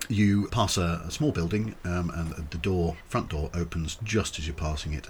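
A man's voice: very deep voice, a little hiss or hum. A man narrating as game master of a tabletop game, rambling with ums and self-corrections.

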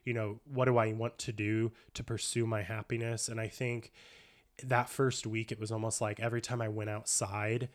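A man co-hosting a podcast, telling stories in an enthusiastic, animated casual chat. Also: lowish voice, moderate pace. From United States. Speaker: podcast co-host.

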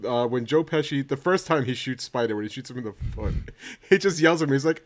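A man's voice: medium pitch, animated, fairly quick, hardly any pauses. A man as a guest on a film podcast, talking animatedly, swearing and laughing at favorite moments. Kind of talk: casual film discussion.

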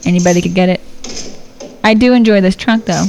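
A woman's voice: lowish voice, fairly quick, gravelly, darkish tone, slight background noise, poor audio. A woman casually recapping and joking about a film with a co-host. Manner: wry, narrating the plot, profane. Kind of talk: casual reaction chat.

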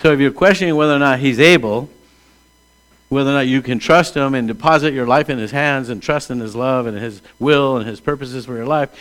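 A man in his sixties, a pastor, preaching a conversational sermon that moves between hushed asides and emphatic calls. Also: medium pitch. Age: 60s.

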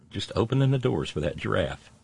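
Middle-aged male host with a lowish voice, dry recording; deadpan history jokes with punny asides. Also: gravelly, breathy edge, dry recording. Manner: punning asides and sarcastic jabs; slows down for punchlines. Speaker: host of a daily history segment. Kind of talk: satirical on-this-day commentary.

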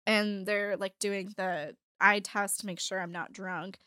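A woman's voice: medium pitch, fairly even intonation, a little fast, few pauses, sharp tone, clean tone, no echo, clean studio sound. A woman in her forties telling a personal story in casual chat, candid, swearing and laughing as she goes.

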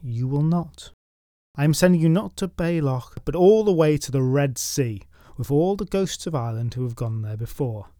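A man voicing a stern, calm male priest who speaks slowly and gravely as he commands a ghost. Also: fairly high pitch, no echo, clean studio sound, close to an everyday voice.

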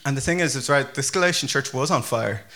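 Pastor, male, bright ringing tone, chatty loose delivery with lots of fillers. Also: mid-range voice, fast. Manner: chatty, animated, many fillers and restarts. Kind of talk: casual conversational sermon.

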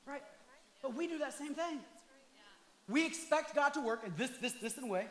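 A male pastor preaching a passionate sermon, at times rising to shouts and talking directly to the congregation. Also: very high voice, lively intonation, moderate pace, long pauses, reverberant.

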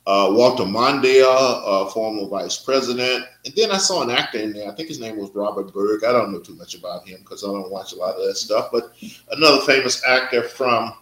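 A man's voice: lowish voice, lively intonation, a little fast, a bit bright, roomy sound, rough recording. An older man hosting a podcast, talking in a rambling, hesitant way with many fillers. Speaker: podcast host. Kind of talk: casual interview.

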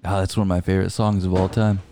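A man co-hosting a podcast, chatting casually and playfully, quick to slip into bits. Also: low voice, flat delivery, warm tone, a little hiss or hum. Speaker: podcast co-host. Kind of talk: casual chat.

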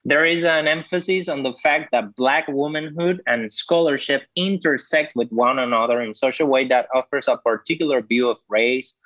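A man co-hosting an academic podcast, reading a script in a measured way. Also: medium pitch, a bit bright, no echo, highs cut off. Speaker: podcast co-host, professor.

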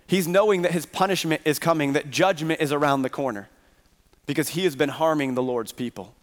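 A man's voice: on the high side, a little fast. A man preaching a Sunday sermon as pastor, earnestly posing rhetorical questions to his congregation. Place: church sanctuary. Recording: reverberant hall.

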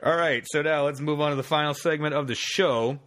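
A man's voice: fairly high pitch, fairly even intonation, fairly quick, a bit bright. A man hosting a casual podcast chat, laid-back, with dry humor and casual swearing. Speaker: podcast host.

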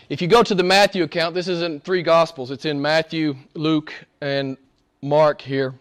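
A male pastor preaching a sermon, emphatic, swinging between loud exclamations and hushed asides. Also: fairly high pitch, steady tone, moderate pace, clean tone.

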